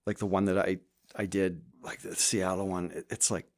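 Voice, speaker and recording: Relaxed guy guest on a podcast, lowish voice, says yeah a lot, dry mic. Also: normal speed, no echo. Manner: easygoing, lots of fillers and trailing yeahs. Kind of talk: casual podcast chat.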